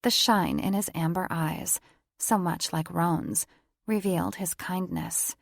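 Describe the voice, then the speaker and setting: A woman narrating a romance audiobook in a measured, even storytelling voice. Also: on the low side, creaky, no echo, studio quality. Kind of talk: scripted narration.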